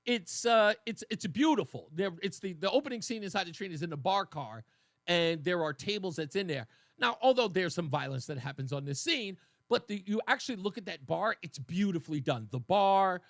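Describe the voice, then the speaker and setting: A man's voice: high voice, a bit bright, dry recording, clean studio sound. A man hosting a call-in radio talk show, chatting in a rambling, casual way and laughing easily. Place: radio studio. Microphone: studio microphone.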